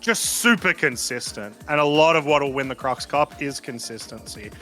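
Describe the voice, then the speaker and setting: A man co-commentating an online spaceship race, explaining the rules in a relaxed, easy way. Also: mid-range voice, moderate pace, soft background music. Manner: explanatory, relaxed, laughs easily. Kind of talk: live esports commentary.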